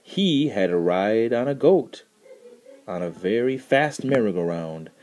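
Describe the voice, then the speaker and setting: A man reads a storybook aloud with a deep, mellow voice. His pitch moves freely as he tells the tale. His telling is expressive and unhurried. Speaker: narrator. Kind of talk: storybook reading.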